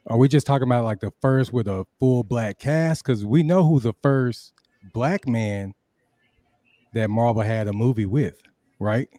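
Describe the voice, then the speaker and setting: Man, mid pitch, earnest and insistent, dry close sound. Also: measured pace, warm tone, no echo. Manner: earnest, insistent, stumbles when interrupted. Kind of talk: casual podcast debate.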